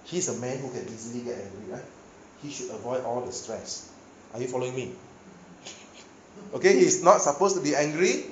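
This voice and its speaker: Male preacher, animated storytelling, keeps asking the congregation, in a reverberant hall. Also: medium pitch, normal speed, slight background noise. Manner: animated storyteller, often checks with listeners. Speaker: pastor. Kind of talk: sermon. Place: church hall. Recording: echoey hall, faint ambience.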